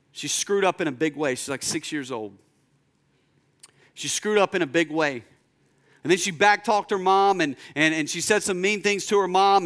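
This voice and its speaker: A young man preaching a sermon as a pastor, telling a story and acting out the voices in it, dropping low and slow for emphasis. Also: a bit bright.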